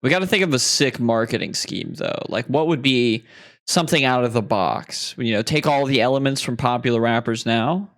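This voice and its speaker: A man's voice: medium pitch, expressive, normal speed, a bit bright. A young man co-hosting a podcast, chatting casually and spinning silly scenarios. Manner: joking, spins silly scenarios. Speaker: podcast co-host. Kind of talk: casual chat.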